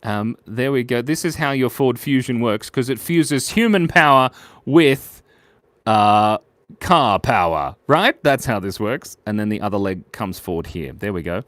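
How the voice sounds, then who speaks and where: A man's voice: measured pace, no room sound. Guy streaming while he doodles, goofy and playful, voice bounces all over, dry close sound. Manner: playful, jumps to squeaky high bursts of excitement; mumbles quietly while focused on drawing. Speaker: streamer drawing for viewers. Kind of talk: casual live-stream chat while drawing.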